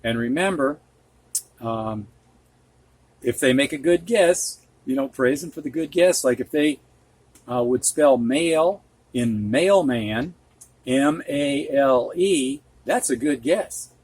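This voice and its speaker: A male reading teacher speaks at a slow, unhurried pace, saying each word carefully and repeating it. His voice is a little husky and recorded dry and close, with no room sound. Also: medium pitch, darkish tone, dry recording. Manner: patient, reads words aloud slowly and repeats them. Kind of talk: slow spoken reading lesson.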